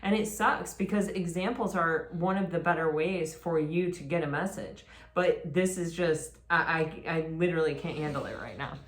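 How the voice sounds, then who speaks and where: A woman talking through a tarot reading in a casual, rambling way, often restarting her sentences and breaking into excited exclamations. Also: low-pitched, moderate pace, hardly any pauses. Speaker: tarot reader.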